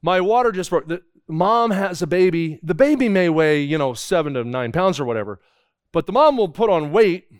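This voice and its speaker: A man's voice: fairly high pitch, dry recording, clean studio sound. A middle-aged man preaching a sermon, telling a childhood story and acting out the dialogue.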